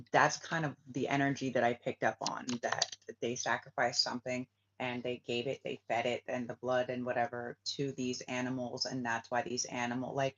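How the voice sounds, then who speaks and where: A man's voice: mid-range voice, a bit bright. A man, a spiritual reader, talking casually in a rambling way, filling his speech with "like" and swearing. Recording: dull lo-fi sound.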